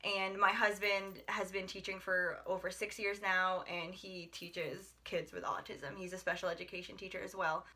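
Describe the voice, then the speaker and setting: A woman's voice: lowish voice, flat delivery, moderate pace, few pauses, bright, forceful tone. A young woman from the United States chatting through a book review, gushing and rambling with lots of filler words. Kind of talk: casual book review vlog.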